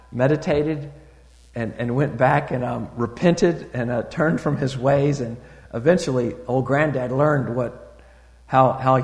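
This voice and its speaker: A man preaching in a church, his voice carrying a long reverb through the hall. He talks like he is chatting with his congregation, with plenty of ums and restarts. He swings from soft, low asides to loud, high bursts of emphasis. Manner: conversational preaching with fillers and restarts. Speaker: pastor. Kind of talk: sermon.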